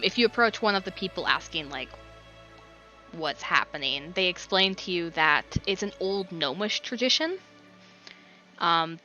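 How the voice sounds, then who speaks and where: Bright-voiced woman game master. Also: fairly low pitch, muffled recording. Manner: rambling, filler-heavy description. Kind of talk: narrating a tabletop game.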